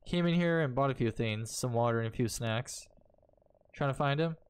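A man's voice: mid-range voice, normal speed, clear, resonant tone, close to an everyday voice. Helpful gas station clerk, read plainly by a man in a horror game, warning about the woods. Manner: plain reading of game dialogue.

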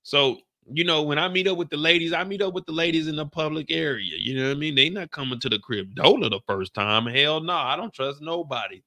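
A man's voice: a little high, fairly quick, few pauses. A young man hosting a casual reaction show, recapping an episode and acting out scenes in voices. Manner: animated, acts out scenes in voices.

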